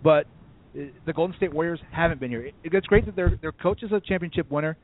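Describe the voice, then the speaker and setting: A man's voice: a little high, fast talker. A man co-hosting a sports talk show, arguing his opinions in casual chat. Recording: dry, tinny phone-like audio.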